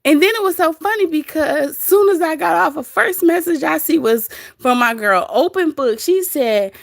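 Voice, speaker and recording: Animated woman chatting to her live chat. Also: sits high, normal speed, gravelly, no room sound, clean studio sound. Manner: animated, laughing often, quoting others. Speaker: livestream host. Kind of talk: casual commentary to live chat. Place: bedroom.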